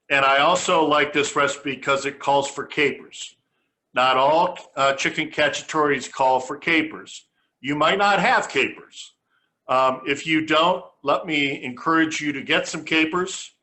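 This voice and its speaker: Male cooking host, bright crisp timbre, homespun and conversational. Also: on the high side. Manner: chatty, homespun, stops and restarts phrases. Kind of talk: casual cooking demonstration.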